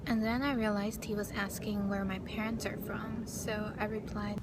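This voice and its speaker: A woman's voice: mid-range voice, flat delivery, normal speed, hardly any pauses. Young woman reading an essay in a roomy space. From California. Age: young adult. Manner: earnest, read from a script. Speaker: student presenting a video essay. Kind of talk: scripted narration. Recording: roomy with faint background noise.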